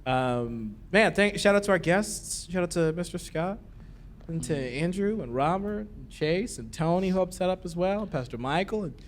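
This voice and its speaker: A man hosting a live podcast, excitable and quick to laugh, jumping into the banter. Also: sits high, a little hiss or hum. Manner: excitable, laughs often, jumps in. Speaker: podcast host.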